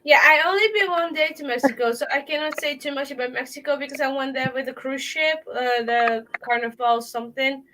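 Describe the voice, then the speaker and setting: A woman's voice: sits high, brisk, hardly any pauses, pushed and bright, a little hiss or hum, low-quality recording. A woman with a foreign accent chatting casually on a livestream, apologetic and searching for words. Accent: non-native English.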